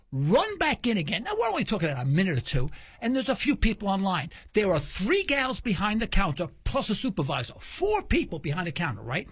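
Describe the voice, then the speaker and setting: A man's voice: high voice, a little fast, husky, dry recording. A man hosting a talk radio show, telling stories casually and acting out the voices of the people in them. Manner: animated storyteller, acts out quoted dialogue.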